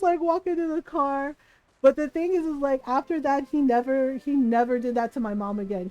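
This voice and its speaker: Woman streamer, animated storyteller, high pitch, dry room, faint game music behind. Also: no echo, low-quality recording. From Filipino family. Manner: animated storyteller, swears freely, laughs often. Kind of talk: casual live-stream chat.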